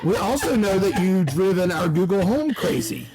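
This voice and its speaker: A man's voice: high voice, lively intonation, normal speed. A middle-aged man co-hosting a podcast who is also a pastor, cracking dry teasing jokes in casual banter.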